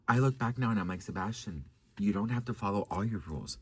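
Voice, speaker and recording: A man telling dating stories to his viewers in a casual, sassy, dramatic way, swearing and changing his pitch often. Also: a little fast, few pauses, breathy edge. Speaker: vlogger. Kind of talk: casual storytime chat.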